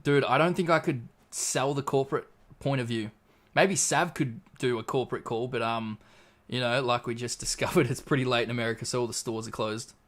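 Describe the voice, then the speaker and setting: A man's voice: medium pitch, steady tone, fairly quick, a bit bright. Laid-back Australian man streaming. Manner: laid-back, swears casually, reads out chat messages. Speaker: livestream host. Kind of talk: casual livestream chat.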